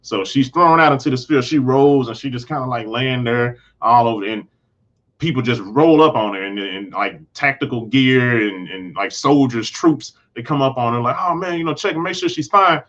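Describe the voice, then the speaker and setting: Man, casual review host, mid pitch, lots of fillers, slangy quoted lines, slightly dull recording. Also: moderate pace. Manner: rambling, full of fillers like "you know" and "like"; acts out characters' lines in a loose, slangy way. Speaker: film and TV reviewer. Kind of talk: casual episode recap and review.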